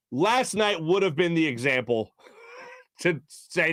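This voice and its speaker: High-voiced man ranting about sports. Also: expressive, slow pace, fairly bright tone, no room sound, clean studio sound. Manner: heated, exasperated, quotes people in mock voices. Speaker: sports talk show host. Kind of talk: opinionated sports talk rant.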